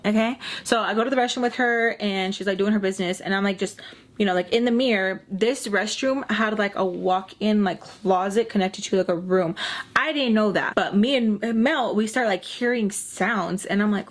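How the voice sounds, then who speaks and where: Young woman, storytime vlogger, chatty, lots of "like", mid pitch, acts out quotes. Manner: chatty, heavy use of "like", acts out quotes in quick bursts. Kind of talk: casual storytime chat.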